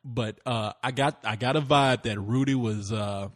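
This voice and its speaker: A man's voice: medium pitch, normal speed. A young man hosting a podcast, telling loose, profane stories in casual comedic chat. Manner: storytelling with lots of swearing and put-on quotes. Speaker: podcast host.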